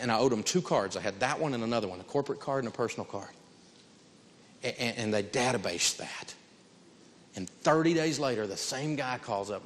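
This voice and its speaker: A man giving an animated, emphatic live talk on stage in a large hall, telling stories as he goes. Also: fairly low pitch, slight background noise. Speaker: financial speaker. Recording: long hall reverb.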